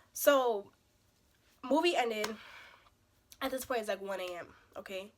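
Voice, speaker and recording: A young woman with a slightly hoarse voice from a cold, telling a dating story as a casual storytime vlog with emphatic, animated outbursts. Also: mid-range voice, a little slow, pauses often, slight background noise. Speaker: vlogger.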